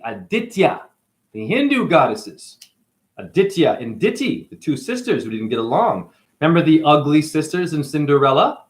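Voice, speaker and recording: A man acting as a spiritual teacher, talking through a rambling monologue with free-associating wordplay and musing asides. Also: medium pitch.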